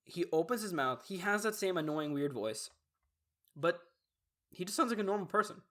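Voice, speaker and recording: In a relaxed podcast chat, a young male co-host rambles through an anecdote, packing it with fillers and false starts. He speaks at a moderate pace in a high, expressive voice with a fairly bright tone.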